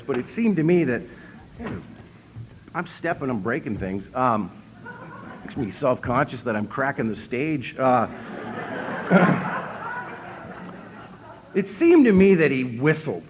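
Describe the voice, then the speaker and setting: A man with an Upper Midwest American accent giving a humorous recovery talk from a convention stage, telling stories in a deadpan, self-mocking way and acting out what people said. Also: medium pitch, slow, long pauses, a little hiss or hum. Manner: storytelling, deadpan self-mocking, acts out quotes. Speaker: speaker at an AA convention.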